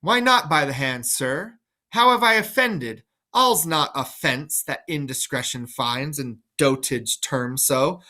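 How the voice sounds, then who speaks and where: A man's voice: a little high, expressive, takes it slowly, bright, forceful tone, heavily acted. A man reading a curt haughty princess.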